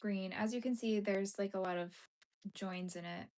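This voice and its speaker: Young woman, live-stream host, easygoing chat while crocheting, mid-range voice, answers viewers, trails off into soft asides. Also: mid-range voice, steady tone, moderate pace. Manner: chatty, answers viewer comments as she works.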